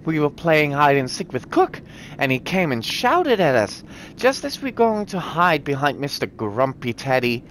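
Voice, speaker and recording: A man's voice: a little high, very animated, a little slow, a bit bright, a little hiss or hum. A man reading a child's diary notes aloud from a horror game, putting on an innocent, childlike voice.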